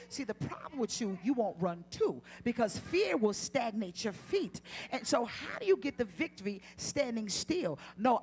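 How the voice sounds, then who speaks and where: Woman preacher, fairly high voice, sermon style, builds to loud passionate peaks, quick humorous asides. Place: church sanctuary.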